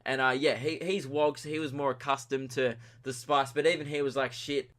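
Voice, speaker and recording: A man's voice: medium pitch, flat delivery, moderate pace, fairly bright tone. Australian man rambling through a comic story. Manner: rambling, chuckling, self-mocking. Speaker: podcast host. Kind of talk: comedic storytelling monologue.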